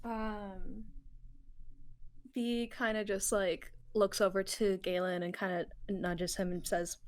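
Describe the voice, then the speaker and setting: A woman player in a tabletop game, describing her character's actions in a halting way with frequent fillers. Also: medium pitch, little pitch movement. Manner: slow, halting, laughs often.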